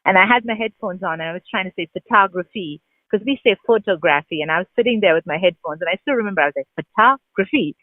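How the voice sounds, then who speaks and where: A woman's voice: mid-range voice, racing, hardly any pauses, dry recording. A woman from India with an Indian English accent with British touches, a guest author chatting candidly in an interview, full of fillers and restarts. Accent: Indian English with British influence. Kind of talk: casual interview chat. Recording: dry phone-line sound.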